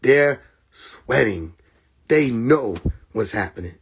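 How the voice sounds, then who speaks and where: Husky-voiced young man, hoarse and emphatic. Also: medium pitch, big pitch swings, slow, pauses often. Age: young adult. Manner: emphatic, laughing, repeats phrases, profane. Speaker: livestream host. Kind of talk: casual livestream monologue. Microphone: phone.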